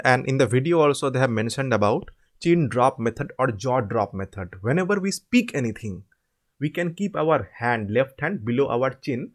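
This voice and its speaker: A man, tutoring students through assignment answers, slowly drawing out example words to demonstrate them. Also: medium pitch. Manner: drawn-out demonstration words, repetitive. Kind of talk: informal screen-share explanation.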